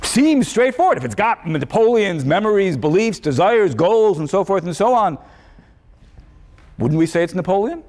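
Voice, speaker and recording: Very animated and speaking at a normal pace, a man with a high, slightly mellow voice delivers a philosophy lecture at a university. He's thoughtful and conversational, reasoning aloud and fixing his own statements as he goes. The hall adds a long reverb.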